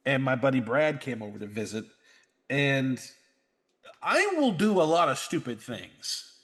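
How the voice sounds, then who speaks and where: A man hosting a podcast, telling a funny story with lively acted-out quotes and frequent laughter. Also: mid-range voice, a little slow. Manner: animated storyteller, acts out quotes, laughs often. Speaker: podcast host. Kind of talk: casual podcast chat, storytelling.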